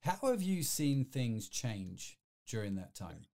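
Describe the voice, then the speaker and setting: A man's voice: medium pitch, big pitch swings, takes it slowly, vocal fry, mellow. A man hosting a live-streamed podcast, chatty and rambling, full of fillers and restarts. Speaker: podcast host.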